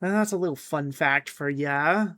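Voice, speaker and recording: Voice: medium pitch, moderate pace, fairly bright tone, no room sound. A host giving casual, chatty commentary on a song countdown, with frequent restarts and fillers.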